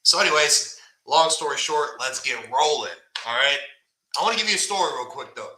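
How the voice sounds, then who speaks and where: A man hosts a casual live stream in a somewhat high, brisk voice with lively intonation and a sharp tone, recorded roughly in a reverberant space. He talks bluntly and conversationally, often tacking "right?" onto his points.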